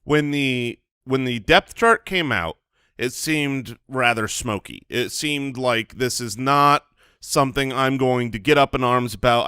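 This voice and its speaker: Bright-voiced man in casual sports banter. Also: medium pitch, smooth, dry recording, clean studio sound. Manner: joking, animated banter. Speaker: podcast co-host.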